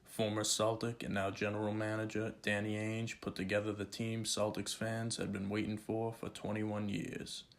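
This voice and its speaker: Gravelly, flat-voiced male narrator. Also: on the low side. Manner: measured, formal. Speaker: documentary narrator. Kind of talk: scripted narration.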